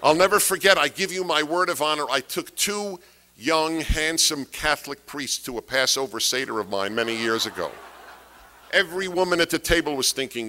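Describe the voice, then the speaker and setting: Man, lecture delivery, bright forceful tone, hammers points by repetition, rhetorical questions. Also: fairly high pitch, lively intonation, normal speed. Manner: emphatic, repeats key phrases, asks rhetorical questions. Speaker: speaker giving a talk. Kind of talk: political lecture to an audience.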